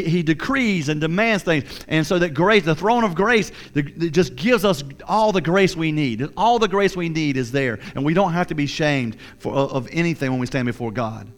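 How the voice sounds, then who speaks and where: Earnest preaching man, slightly high voice. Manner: earnest, repetitive, acts out inner voices. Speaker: pastor. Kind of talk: sermon.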